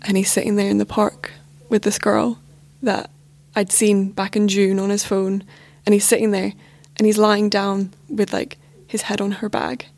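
A young woman recounting her own story in a casual, chatty way, her speech dotted with fillers. Her mid-pitched voice has a gravelly fry running through it. She sounds close and dry, with no room around her. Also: little pitch movement, moderate pace, few pauses, darkish tone, no echo. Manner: casual, frequent filler words. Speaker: podcast guest. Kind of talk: personal storytelling.

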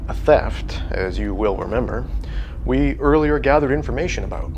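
A man's voice: medium pitch, darkish tone, a little hiss or hum, natural voice. A man playing a stiff, officious country cop. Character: formal, pompous small-town police officer. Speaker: police officer. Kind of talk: audio drama acting.

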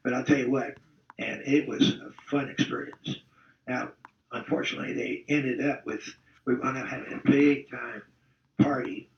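An older man, once a football player, tells rambling, salty stories in a casual interview, chuckling as he goes. His voice is medium-pitched with fairly even intonation at normal speed, and the recording sounds distant, roomy and dull.

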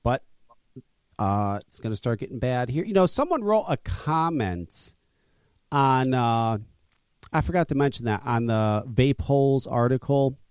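A blunt, foul-mouthed man hosts a podcast in casual chat and slides easily into rants. His voice sits at an ordinary pitch. The sound is dry and close, with no room around it. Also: lively intonation, measured pace, darkish tone, clean tone, dry recording. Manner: blunt, profane and grumbling, with frequent ranting. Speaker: podcast host and vape shop owner.

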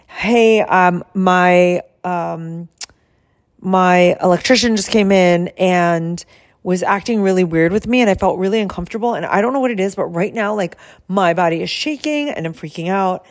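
A woman's voice: fairly low pitch, moderate pace, lightly acted. A woman playing a shaken, anxious woman client who rambles and halts with many fillers.

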